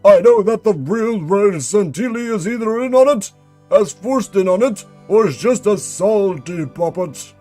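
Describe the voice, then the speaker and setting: A man's voice: sits high, expressive, measured pace, warm tone, soft background music. A man voicing a male employee number fifty-three, a conspiracy-minded agent giving a theatrical, urgent report. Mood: conspiratorial. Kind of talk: dramatic reading of a mystery log.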